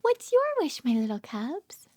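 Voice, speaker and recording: A woman, a speech therapist, reading a bedtime story aloud to young children in a gentle, soft voice that often drops to a whisper, coaxing the child with many questions. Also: on the high side, sing-song, a little slow.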